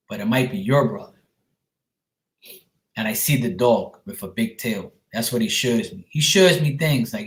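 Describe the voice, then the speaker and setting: A man talks casually and reassuringly, giving a medium's reading to a viewer and calling her sweetheart. His voice sits at an ordinary pitch for a man. The room around him is echoey. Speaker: psychic medium.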